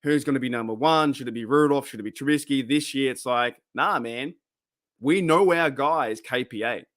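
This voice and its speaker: A man's voice: medium pitch, moderate pace, dry recording, studio quality. Fired-up man hosting a livestream. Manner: excitable and rambling, fired up, greets viewers by name. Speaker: host of a fan podcast livestream. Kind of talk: casual livestream chat.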